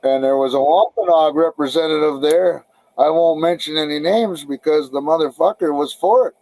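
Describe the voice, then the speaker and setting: A man's voice: on the high side, normal speed, a little mellow, rough recording. A middle-aged man telling long, rambling stories as a podcast guest, swearing freely and often restarting his sentences. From Canada. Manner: rambling, profane, frequent restarts. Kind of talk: casual storytelling interview.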